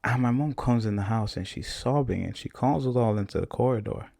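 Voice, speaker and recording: A young man in his twenties who hosts a podcast tells a personal story in a casual, repetitive, animated way. His mid-range voice is gravelly and fairly quick, and there's no echo.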